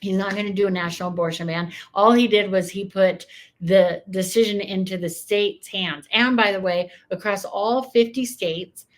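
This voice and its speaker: A woman's voice: medium pitch, steady tone, normal speed. A woman reacting to news clips with sarcastic, increasingly heated commentary.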